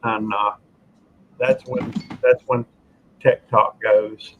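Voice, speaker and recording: A man's voice: fairly low pitch, little pitch movement, slow. A man hosting a casual chat, rambling with hesitant fillers. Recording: slightly dull audio with faint noise.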